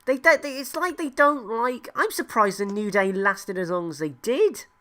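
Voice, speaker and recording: A woman co-hosting a podcast, talking in a casual, halting way, blunt and sweary, often restarting her sentences. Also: on the high side, animated, fairly bright tone. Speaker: podcast co-host. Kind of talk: casual chat.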